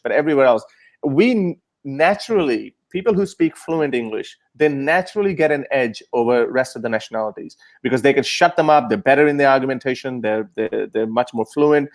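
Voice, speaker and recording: A man in a casual panel discussion, telling stories in an animated way with many restarts and fillers. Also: medium pitch, fast talker.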